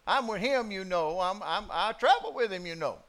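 Man doing stern male teacher, chiding, teasing, raised forceful voice. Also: high voice, lively intonation, normal speed, voice pushed up. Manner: firm, chiding, mildly mocking. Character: calm, stern male teacher rebuking his followers.

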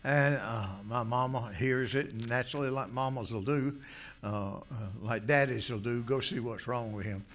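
A man's voice: mid-range voice, moderate pace. Man, pastor, folksy sermon, drawling storyteller. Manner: folksy, drawling, rises to loud exhortation.

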